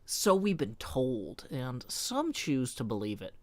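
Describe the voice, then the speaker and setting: A man doing a halting spoken-word celebrity impression. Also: huge pitch swings, darkish tone, no room sound. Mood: dramatic recital. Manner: halting, drawn-out phrasing with big pitch swings. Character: man's dramatic spoken-word impression of a famous actor.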